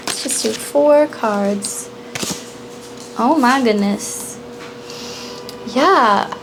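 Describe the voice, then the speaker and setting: Giggly upbeat woman doing a tarot reading, kinda high voice, faint hum in the back. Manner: giggly and bubbly, often laughing. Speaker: tarot reader. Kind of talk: casual pick-a-card tarot reading.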